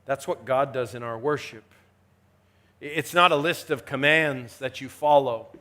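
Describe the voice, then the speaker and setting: A man preaching a chapel sermon with emphatic delivery, swinging from hushed asides to rising exhortation. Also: mid-range voice, unhurried. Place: university chapel.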